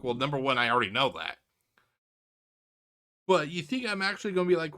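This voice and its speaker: Man, reaction commentator, blunt, profane, bright fairly high tone. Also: very animated, quick pace, pauses often. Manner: exasperated, profane, opinionated rant.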